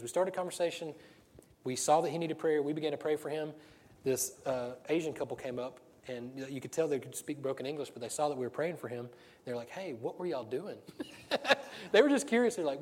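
A man's voice: a little high, a little mellow. A middle-aged man preaching a casual, conversational sermon, laughing often and restarting his sentences. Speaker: pastor.

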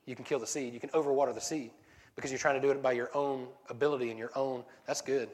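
A man's voice: medium pitch, steady tone, fast. A man preaching a casual sermon, rambling and joking, often breaking off mid-sentence. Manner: rambling, self-interrupting, joking. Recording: long hall reverb.

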